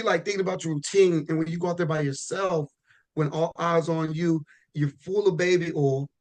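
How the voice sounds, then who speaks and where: Podcast guest, male: easygoing and rambling, restarts a lot, pitched a touch high. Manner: relaxed, rambling with frequent restarts and "you know". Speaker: podcast guest, pro bodybuilder. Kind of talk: casual podcast chat.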